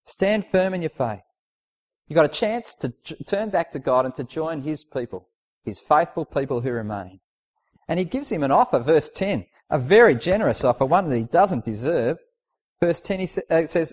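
A man delivers a sermon in a fairly high voice. He preaches conversationally but with emphasis, pressing his points with rhetorical questions and reading passages aloud. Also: animated, normal speed.

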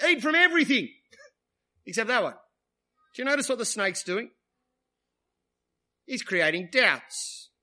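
A man delivering a sermon with a high, bright voice. He talks conversationally, tossing tag questions back to the congregation. His delivery moves from hushed, drawn-out emphasis to quick, animated stretches. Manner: shifts between quiet, slow emphasis and lively bursts. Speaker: preacher.

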